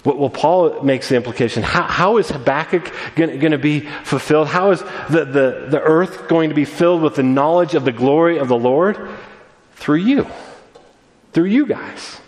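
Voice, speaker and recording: A man giving a sermon as pastor, earnest and animated, often restarting his words. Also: on the high side, brisk. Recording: long reverb of a large room.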